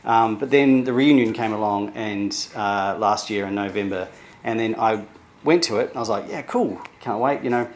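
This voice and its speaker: A middle-aged man from New Zealand talking candidly in a personal vlog, halting and emotional, with many restarts. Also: on the low side, steady tone, a little hiss or hum. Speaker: vlogger sharing therapy progress.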